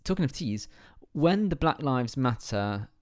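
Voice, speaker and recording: A man's voice: medium pitch, very animated, unhurried. A British man co-hosting a casual chat show, wry and laughing often. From Britain. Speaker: co-host.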